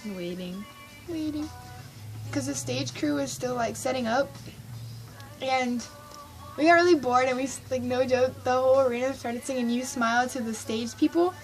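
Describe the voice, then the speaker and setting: A woman with a high, bright-sounding voice tells a story for her vlog in a gushing, excitable rush, reenacting her own squeals. Faint music plays softly behind her. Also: moderate pace, poor audio. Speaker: vlogger recounting a concert.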